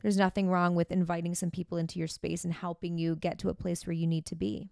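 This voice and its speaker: Candid woman with a low, smooth voice. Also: flat delivery, quick pace, a little mellow, no echo, clean studio sound. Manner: frank, chatty and self-deprecating. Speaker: podcast host. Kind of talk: candid self-help monologue.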